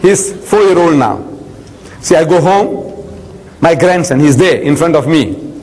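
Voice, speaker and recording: Speaking a little slowly in a voice on the high side, an older lecturer brings religious stories to life, performing the dialogue with humour for his audience. A long hall reverb surrounds him.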